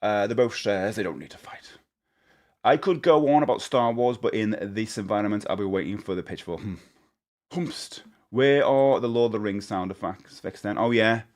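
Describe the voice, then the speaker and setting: A man's voice: fairly low pitch, brisk, darkish tone. A man chatting casually on a live stream, rambling and joking, laughing often. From United Kingdom.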